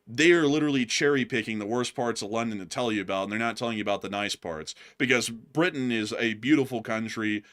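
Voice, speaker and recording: Co-hosting a news channel's casual livestream, an American man chats in a rambling, emphatic way. His mid-range voice is a bit bright, and he talks fast with few pauses.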